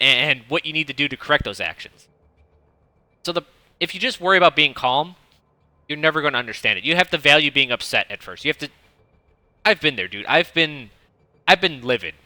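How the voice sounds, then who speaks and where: A man, a streamer casually coaching a viewer in a blunt, profane, rambling way with a fairly monotone delivery. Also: fairly high pitch, no room sound. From United States (Detroit). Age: 30s. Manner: self-described monotone delivery.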